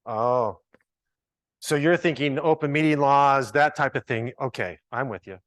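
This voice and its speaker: A man facilitating a training session in a loose, joking way, thinking aloud and teasing the room. His voice sits at an average pitch and sounds dry and close. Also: unhurried, a bit bright, no room sound. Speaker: workshop trainer. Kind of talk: informal workshop facilitation. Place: large ballroom with a live audience.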